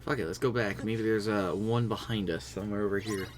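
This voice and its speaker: A young man commentating casually on a live game stream, excitable and quick to swear and laugh. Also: lowish voice, a little hiss or hum. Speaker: streamer playing a video game.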